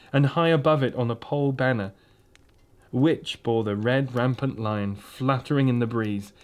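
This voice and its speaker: A man reading a children's storybook aloud, in a gentle, steady and expressive way. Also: mid-range voice. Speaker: reader.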